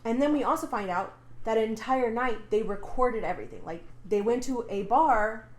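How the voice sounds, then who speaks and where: A woman's voice: a little high, lively intonation, moderate pace, reverberant, faint music behind. A woman co-hosting a podcast, casually retelling a story in a rambling way, with lots of fillers and swearing. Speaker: podcast co-host. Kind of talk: casual chat retelling a book plot.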